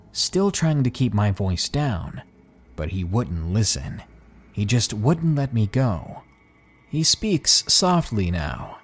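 A male horror storyteller reads in a calm, measured, ominous way. His voice sits low and steady. Soft music plays faintly beneath him. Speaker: horror story narrator and channel host. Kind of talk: scripted narration of a horror story.

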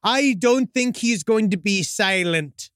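A man co-hosting a casual true-crime podcast, animated and joking, swearing freely. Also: sits high, slow pace, smooth, no echo, studio quality. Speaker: podcast co-host.

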